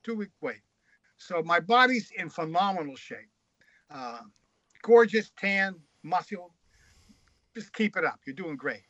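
Male guest storyteller, high bright voice, frank and crude, slightly muffled dry recording. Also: very animated, unhurried, long pauses, dry recording. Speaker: guest author. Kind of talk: casual anecdotal storytelling.

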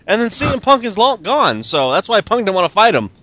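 Male podcast co-host, high and animated, quick crude quips, dry mic. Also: dry recording. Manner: wisecracking, crude jokes. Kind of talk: casual chat.

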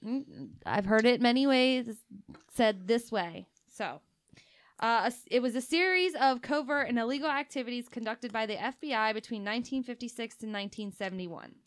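Chatty higher-voiced woman podcast host. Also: normal speed, smooth. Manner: laughs often, loose and chatty. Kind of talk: casual podcast chat.

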